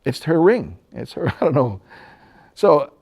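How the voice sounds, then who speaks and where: Gravelly man from Hawaii telling a story. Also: on the high side, sing-song, a little mellow. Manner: conversational, pausing, chuckling storyteller. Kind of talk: personal storytelling.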